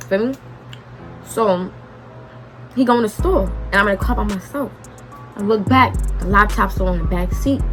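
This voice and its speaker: Young woman w/ aave doing a storytime vlog, super animated, music playing behind her. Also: medium pitch. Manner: animated, dramatic retelling with quoted dialogue. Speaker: vlogger.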